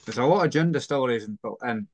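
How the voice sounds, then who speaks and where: A man's voice: medium pitch, lively intonation, fast talker. A man from Scotland with a Scottish accent, easygoing and agreeable in a casual chat. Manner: easygoing, agreeable, short replies.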